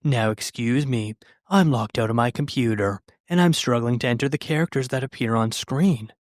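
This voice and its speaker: A man's voice: medium pitch, moderate pace, no room sound. A man reading out vote results in a dry, matter-of-fact way with wry asides. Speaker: results narrator.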